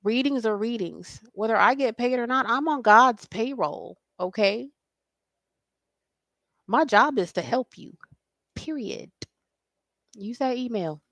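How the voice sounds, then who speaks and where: Speaking slowly and expressively with long pauses, a woman with a high-ish, somewhat bright voice is heard in a dry recording. Her casual tarot reading to camera mixes reassurance with bluntness, offhand swearing, and repeated "okay?" and "I feel like."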